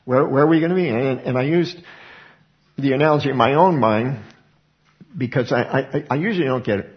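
A man's voice: mid-range voice, a little fast. A middle-aged man preaching a sermon in a conversational way, often restarting his words. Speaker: pastor. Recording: dull lo-fi recording.

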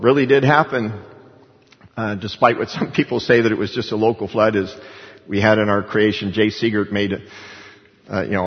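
A male pastor delivers a sermon in an earnest, emphatic way and presses his points with rhetorical questions. His voice sits in a middle register and rings with the long echo of a church hall. The recording sounds dull and muffled. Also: mid-range voice.

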